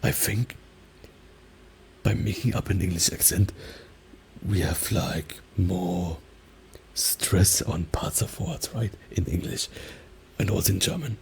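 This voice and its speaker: Soft-spoken ASMR guy, gravelly and low, slow whispery delivery into a binaural mic. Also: a little hiss or hum. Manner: alternates soft talking and whispers, many "like" fillers. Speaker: ASMR creator.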